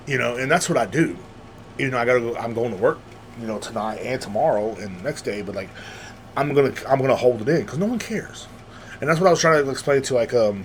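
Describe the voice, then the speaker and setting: A man's voice: mid-range voice, a little hiss or hum. Candid rambling man hosting a podcast. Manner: rambling, candid, restarts and filler-heavy; emphatic, rising when insisting. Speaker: podcast host. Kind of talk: casual monologue.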